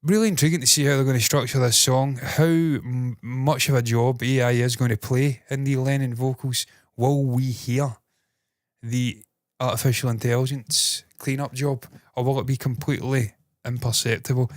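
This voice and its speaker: A man's voice: medium pitch, steady tone, normal speed, no room sound, studio quality. A man hosting a casual entertainment news show, speaking in a put-on Scottish accent, swearing freely and rambling with a chesty cough. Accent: mock Scottish, put on. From Britain.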